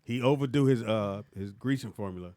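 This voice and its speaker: A man's voice: medium pitch, a little fast, mellow, no room sound. A man hosting a casual podcast group chat, joking and bantering with his co-hosts. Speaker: podcast host.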